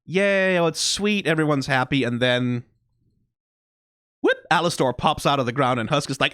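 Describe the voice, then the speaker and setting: A man casually reviewing songs, animated and quick to laugh, who swears freely. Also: mid-range voice, no room sound, clean studio sound. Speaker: song reviewer. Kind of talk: casual commentary.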